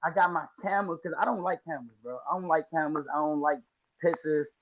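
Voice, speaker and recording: A man's voice: a little high, fast talker, dull audio, slight background noise. Slangy storytelling man from the D.C. area. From Washington, D.C. area. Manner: storytelling with acted-out quotes, slangy. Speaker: podcast guest, lawn care business owner. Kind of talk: casual podcast chat.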